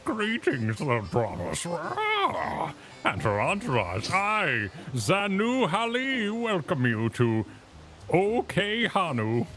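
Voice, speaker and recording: A man voicing a large, stately elderly female bird elder, speaking slowly and formally. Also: sits high, wildly swooping pitch, a bit bright, faint music behind, pitched above the performer's own voice, exaggerated voice.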